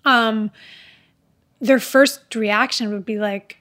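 A young adult actress with an unusual voice, chatting casually in an interview, rambling with lots of "like" fillers and restarts. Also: female voice, a little high, fairly even intonation, unhurried, fairly bright tone. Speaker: actress guest.

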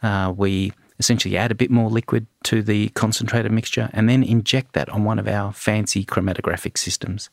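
A middle-aged man, a forensic toxicologist answering interview questions in a measured way, with frequent ums and restarts. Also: on the low side, gravelly, dry recording, studio quality.

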